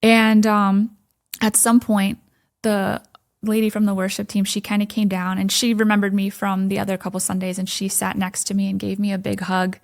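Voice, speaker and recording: A woman recounting her experience at church, animated, full of "like" fillers, dropping to a whisper when quoting her own thoughts. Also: medium pitch, normal speed, creaky. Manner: frequent "like" fillers, laughs often. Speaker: podcast guest. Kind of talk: personal testimony in conversation.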